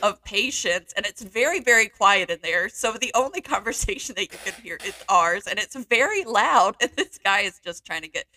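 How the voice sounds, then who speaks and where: A woman's voice: mid-range voice, expressive, moderate pace, few pauses, sharp tone, no room sound. A young woman co-hosting a podcast, telling a funny work story in a chatty, laughing way full of fillers and slang. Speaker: podcast co-host. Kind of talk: casual chat, storytelling.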